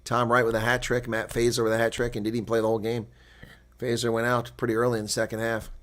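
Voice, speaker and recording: A man doing live play-by-play and reaction for a rugby match, who builds to shouting on big plays, then drops to relaxed, chatty talk and replies to viewer chat. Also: medium pitch, fast. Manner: reads out and answers viewer chat.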